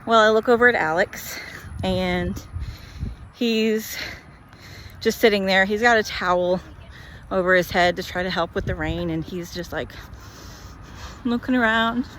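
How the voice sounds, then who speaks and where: A woman vlogging while walking, telling a story in a chatty, animated way full of "like". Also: mid-range voice, unhurried, long pauses, slight background noise. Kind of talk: walk-and-talk storytelling.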